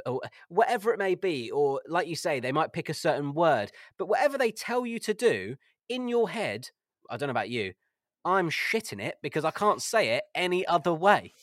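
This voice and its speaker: A man co-hosting a casual football podcast, animated and acting out quoted lines. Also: a little high, normal speed, dry recording, clean studio sound. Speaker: podcast co-host. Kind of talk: casual chat.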